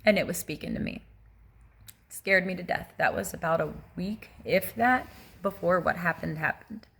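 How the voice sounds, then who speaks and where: A middle-aged woman giving a personal testimony in casual storytelling, earnest and halting with restarts and asides. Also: lowish voice, creaky, fairly bright tone, slightly rough. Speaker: testimony vlogger.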